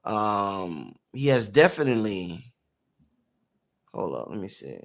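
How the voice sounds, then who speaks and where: A man hosting a live-streamed interview, energetic and chatty, calling out to viewers as y'all. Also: fairly low pitch, slow pace, gravelly. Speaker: host.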